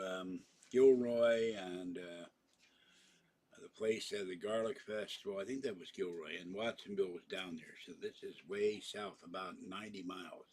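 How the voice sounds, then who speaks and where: A man's voice: fairly low pitch, a little mellow. A tired man hosting a casual livestream, rambling from one topic to the next with many fillers and yawns. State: tired, yawning. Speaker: livestream host.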